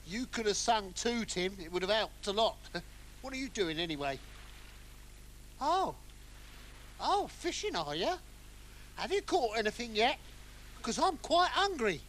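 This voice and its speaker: Using an exaggerated, mid-range voice, a performer brings to life an excitable, hapless castaway lost at sea for a children's puppet comedy, veering between calm and wailing panic. Slight background noise is audible.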